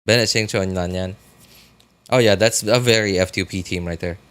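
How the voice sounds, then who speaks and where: A man's voice: deep voice, moderate pace, a bit bright, clean tone. A young man chatting casually with viewers while streaming a game, rambling with lots of fillers. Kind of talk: casual live-stream chat.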